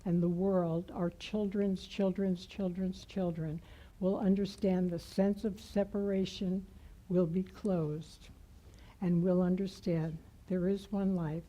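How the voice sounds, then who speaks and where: Woman guest minister, unhurried heartfelt sermon, very dark mellow tone. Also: on the low side, level tone, poor audio. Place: church sanctuary.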